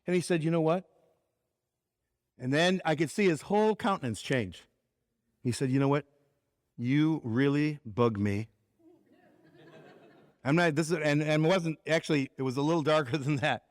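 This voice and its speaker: A man delivers a conversational sermon at a ministry conference, sharing a personal story at a fairly quick pace and dropping his voice low when he gets serious. It is studio-quality audio with no room sound.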